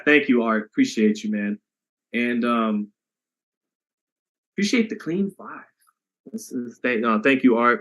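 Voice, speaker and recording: Bright-voiced man hosting a chatty live stream. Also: a little high. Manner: chatty, reads out viewer comments, swears casually. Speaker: boxing live stream host. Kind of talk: casual live stream commentary.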